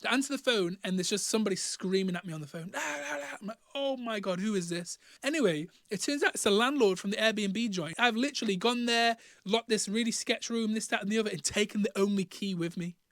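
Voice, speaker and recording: A young man with a Teesside accent, a musician telling studio stories in a slangy, animated way, acting out what people said. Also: high voice, fast talker, hardly any pauses, dry recording. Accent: Teesside English. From Northeast England. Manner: animated, slangy storytelling with acted-out quotes. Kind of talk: storytelling vlog.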